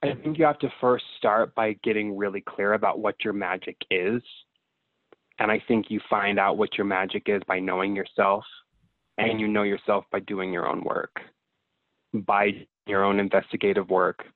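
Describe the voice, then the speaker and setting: About thirty, this man is a podcast guest talking in a low, earnest voice at normal speed, heartfelt and expressive, with the occasional casual swear. It's an emotional, casual chat heard over a dry, tinny, phone-like line with no room sound.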